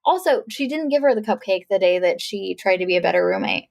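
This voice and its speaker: A woman's voice: medium pitch, fast talker, vocal fry. A woman co-hosting a podcast, recapping a movie in casual chat and acting out characters' lines in playful voices. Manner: animated storytelling, acts out quotes in playful voices. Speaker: podcast co-host.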